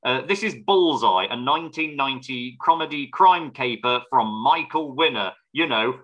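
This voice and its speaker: A man's voice: medium pitch, expressive, normal speed, few pauses, fairly bright tone, muffled recording. A man co-hosting a film podcast, reviewing a movie with wry, sarcastic humor. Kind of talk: casual film review chat.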